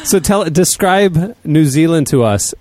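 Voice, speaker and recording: A man's voice: a little high, expressive, unhurried, a little mellow. A man hosting a casual chat, teasing his guest and laughing often. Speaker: host.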